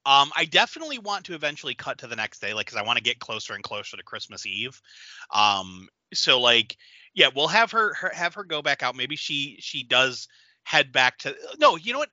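A man brainstorming a story in casual chat, talking in halting, filler-heavy bursts. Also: mid-range voice, dry recording. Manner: lively, halting, many fillers. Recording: dull lo-fi sound.

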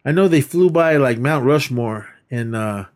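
A man's voice: medium pitch, lively intonation, measured pace. A man co-hosting a podcast, casually recapping a film in a rambling way, acting out quoted lines and laughing as he goes. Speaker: podcast co-host. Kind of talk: casual movie recap chat.

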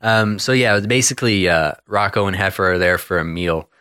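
Young guy with a lowish voice rambling thru a cartoon recap, swears a lot, super dry mic. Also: normal speed, smooth, no echo. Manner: rambling, animated storytelling with lots of fillers and swearing. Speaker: podcast co-host. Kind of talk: casual chat recapping a cartoon episode.

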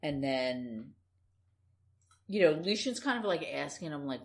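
Deep-voiced woman chatting thoughtfully. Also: moderate pace. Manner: thoughtful, rambling, with hedging fillers. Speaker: podcast co-host. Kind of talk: casual comic book discussion.

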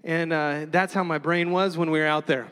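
A man with a fairly high voice tells a sermon story, bouncing between jokes and earnest reflection. His voice rings out with a long reverb from a large hall. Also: moderate pace, smooth. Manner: animated, laughing, self-mocking asides. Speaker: preacher.

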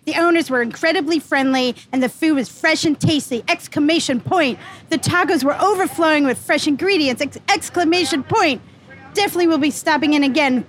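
Brief: brash Jersey Shore woman, put on by a woman, high and emphatic. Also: fairly quick, lightly acted. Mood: brash excited. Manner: brash, shouty emphasis on every exclamation.

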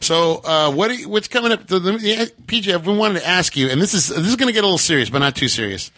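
A man's voice: high voice, animated, quick pace, sharp tone, no echo. A man hosting a podcast, chatting playfully and teasing his co-hosts, often restarting his words. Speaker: podcast host. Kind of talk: casual chat.

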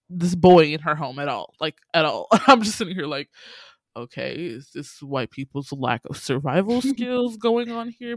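Brief: young woman podcast host, expressive and sarcastic, dry close mic. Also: no echo. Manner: expressive, laughing, sarcastic, acts out quotes in higher voices. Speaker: podcast host reviewing a film. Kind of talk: casual chat, animated retelling.

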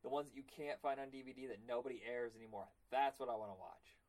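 A man at an everyday middle pitch hosts a loose, casual podcast chat. He rambles from point to point with excitable energy and slips into goofy cartoon voices along the way. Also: quick pace. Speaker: podcast host.

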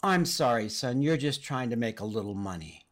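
A man's voice: medium pitch, animated, normal speed, fairly bright tone, close to an everyday voice. A man quoting a contrite older woman. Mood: apologetic. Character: older woman, gruff then apologetic.

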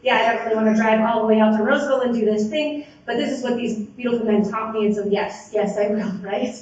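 A woman's voice: a little high, fairly even intonation, fast, a little mellow. Woman sharing her story in an echoey hall. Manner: casual, rambling, many "like" and "you know" fillers. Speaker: speaker sharing at a recovery meeting, a sponsor. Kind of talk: personal recovery testimony. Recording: very echoey hall, voice from far off, dull sound.

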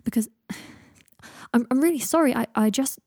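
A woman voicing a guilty, flustered young man who stammers, often breathy and strained. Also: on the high side, normal speed, a little mellow, dry recording, clean studio sound, pitched above the performer's own voice.

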